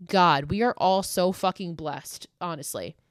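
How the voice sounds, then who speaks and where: A woman's voice: lowish voice, unhurried, smooth, dry recording, clean studio sound. A woman hosting a podcast solo, talking casually and emotionally, gushing and swearing freely. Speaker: podcast host.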